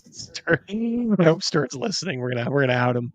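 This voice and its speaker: A man's voice: mid-range voice, racing, no room sound. A man hosting a podcast, telling stories in casual chat and rambling through them with lots of fillers. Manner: rambling storyteller, heavy on fillers. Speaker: podcast host.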